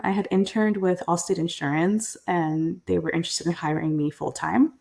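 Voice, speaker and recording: A young woman speaks as a podcast guest, her voice sitting low with a gravelly edge. She talks in an earnest, candid way, restarting sentences often. She brings relatives to life when she quotes them. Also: moderate pace. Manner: earnest, frequent restarts and "like", quoting family in lively voices. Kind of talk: candid interview storytelling.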